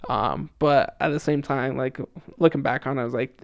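A man's voice: medium pitch, fairly even intonation, moderate pace, gravelly, dry recording, dull audio. A young man casually telling a story as a podcast guest, chatty with lots of fillers and frequent laughs. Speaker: podcast guest, returned missionary.

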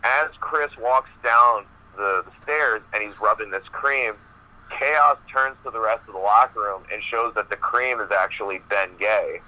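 A male professional wrestler, a guest on an interview podcast, telling a long backstage story in a rambling, animated way with many fillers. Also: fairly low pitch, moderate pace, muffled recording, noisy background.

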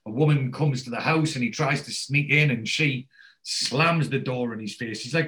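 Man animatedly retelling a story. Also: moderate pace. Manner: storyteller who pops into higher, louder voices for quoted characters. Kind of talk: casual chat, retelling a TV episode.

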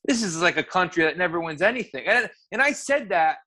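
A man from the United States in casual, profane, animated chat as a podcast co-host. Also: high voice, fairly quick.

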